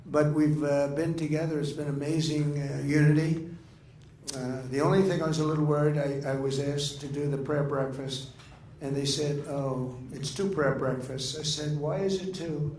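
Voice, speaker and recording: Older man, off-the-cuff dinner speech, rambling asides, slightly high voice, echoey room with faint background hum. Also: fairly even intonation, normal speed, a little mellow. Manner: rambling, anecdotal, boastful, with frequent asides. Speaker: speaker at a political dinner. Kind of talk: off-the-cuff after-dinner remarks. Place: large dining room.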